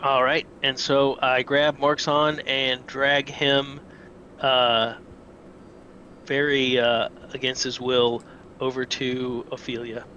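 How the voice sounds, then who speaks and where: A man's voice: mid-range voice, little pitch movement, takes it slowly, bright, forceful tone, highs cut off, a little hiss or hum. A man playing a tabletop game, describing his moves casually and a little hesitantly. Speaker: player.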